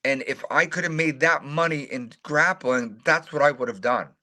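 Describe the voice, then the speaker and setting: A middle-aged man, a retired fighter, telling animated, profane, self-mocking stories in a casual interview and acting out the voices of others. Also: fairly high pitch, moderate pace.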